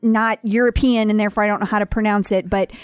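A woman co-hosting a podcast in casual chat, talkative and laughing often with quick asides. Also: medium pitch, flat delivery, clean tone, dry recording, clean studio sound. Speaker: podcast co-host.

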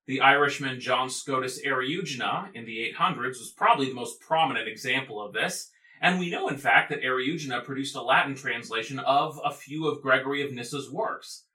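A man's voice: mid-range voice, brisk, pushed and bright. A man hosting a podcast, delivering a humorous scripted lecture on church history in a playful, theatrical way. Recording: roomy echo, off mic, faint music.

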